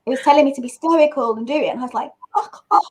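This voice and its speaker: A middle-aged woman hosting a casual chat, playful and quick to laugh. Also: sits high, a little mellow, rough recording. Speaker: host.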